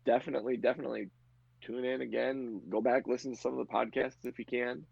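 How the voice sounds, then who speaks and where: A man's voice: mid-range voice, fairly even intonation, fast, vocal fry, darkish tone, breathy edge, dry recording, muffled recording. A man narrating a tabletop game as game master, with frequent fillers and laughter. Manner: filler-heavy, laughs often. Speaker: game master and podcast host.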